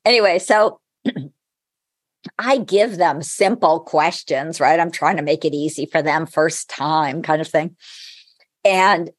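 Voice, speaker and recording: A middle-aged woman, a spiritual teacher and guest, telling stories in a casual interview, animated and laughing often. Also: low voice, takes it slowly, pauses often, no room sound, clean studio sound.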